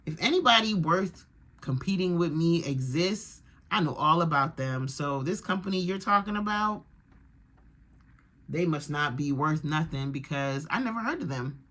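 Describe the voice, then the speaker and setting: Brief: woman reading as a cocky wealthy man, brushing off a rival, lowered voice. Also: lively intonation, normal speed, fairly bright tone. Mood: dismissive. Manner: dismissive, self-assured. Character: confident, arrogant rich man.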